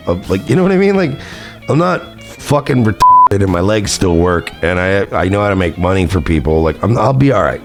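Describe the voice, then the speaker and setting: A man with a very low voice tells a story straight to his viewers in a loose, sarcastic, profane way. He rambles and brushes details aside with "blah, blah". Faint guitar music plays underneath. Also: very animated, normal speed, gravelly. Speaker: vlogger. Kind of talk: casual storytelling.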